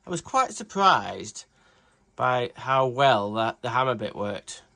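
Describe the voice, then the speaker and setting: A man's voice: mid-range voice, very animated, takes it slowly, vocal fry, pushed and bright. A British man hosting a casual tool review vlog, chatty and rambling, swearing freely. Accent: British English. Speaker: tool reviewer, channel host.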